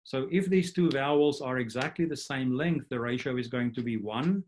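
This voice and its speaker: A man's voice: medium pitch, normal speed, darkish tone, a little hiss or hum. A man giving an academic linguistics talk online, explaining steadily and now and then restarting a phrase. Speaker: linguistics lecturer. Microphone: computer mic on video call.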